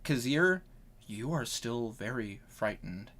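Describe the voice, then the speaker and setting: A man's voice: mid-range voice, lively intonation, slow, fairly bright tone. A man running a tabletop game as dungeon master over voice chat, congested with a cough, stopping and correcting himself mid-sentence.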